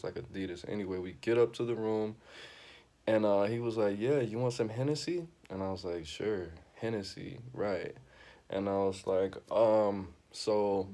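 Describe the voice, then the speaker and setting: A young man, the channel host, telling a wild story in a slangy, swearing storytime style, acting out every voice and shooting high and loud on the quotes. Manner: acts out both sides of the dialogue, voice jumping up high and loud for quoted lines. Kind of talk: animated storytime monologue.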